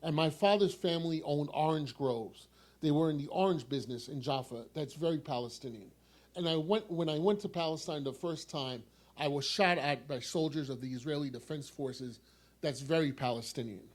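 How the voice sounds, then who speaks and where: A man's voice: a little high, darkish tone. A man with a New York accent from New York City, reading his own poem aloud with a wry, repeating refrain. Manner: wry, repetitive refrain delivery. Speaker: poet. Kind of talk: poetry reading.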